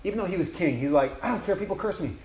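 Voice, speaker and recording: Young male campus preacher, quick and casual, echoey room with faint background hum. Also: high-pitched, lively intonation, gravelly, a little mellow. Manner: casual, enthusiastic, talks in quoted inner prayers. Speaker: campus ministry speaker. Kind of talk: retreat sermon.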